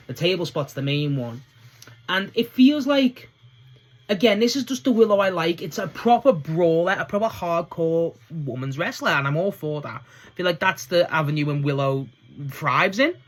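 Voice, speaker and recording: Excitable man rambling through a wrestling recap. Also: a little high. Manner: rambling, enthusiastic, swears casually. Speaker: wrestling show reviewer. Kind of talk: casual solo recap.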